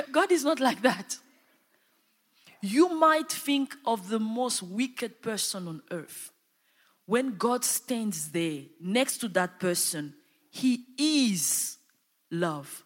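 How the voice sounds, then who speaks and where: A woman delivers a sermon at a measured, unhurried pace. Her voice carries a long reverb, as if she is filling a large hall. She swells on key lines and calls out to her listeners for a response. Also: on the high side, expressive. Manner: impassioned, rising and falling emphasis with call-and-response. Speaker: preacher.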